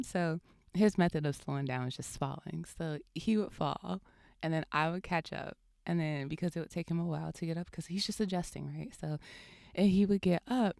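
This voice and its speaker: A woman's voice: low voice, moderate pace, gravelly, dark tone, no room sound, clean studio sound. A young woman hosting a podcast, casually telling a story and often laughing as she talks. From California. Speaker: podcast host.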